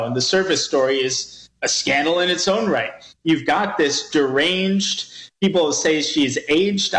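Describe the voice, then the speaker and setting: Guy guesting on a radio show, calm deliberate talk, roomy echo. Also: mid-range voice. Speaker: guest commentator. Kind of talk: political commentary interview.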